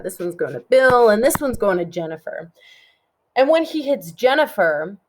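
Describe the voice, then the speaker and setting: A woman's voice: mid-range voice, slight background noise. A young woman giving a casual explainer as she draws, chatty and often checking in with the listener. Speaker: teacher. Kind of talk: casual explainer while drawing.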